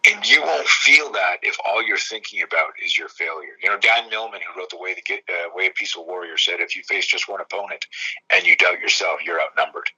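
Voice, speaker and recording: A self-defense coach in his fifties tells stories in casual conversation, animated and profane, acting out quoted dialogue. His lowish voice is slightly rough and fairly quick. The audio quality is poor.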